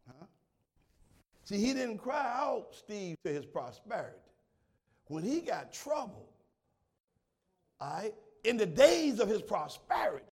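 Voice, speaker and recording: A man preaching a sermon, swinging from shouted exclamations to quiet prayer and repeating words as he calls out to his congregation. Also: high voice, sing-song, a little slow, pauses often, husky. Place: church.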